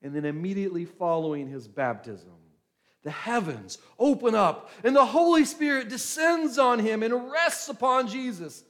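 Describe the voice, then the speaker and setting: High-voiced preaching man. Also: lively intonation, fairly bright tone. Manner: dramatic, slows on key words and swells to emphatic peaks. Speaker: pastor. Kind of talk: sermon.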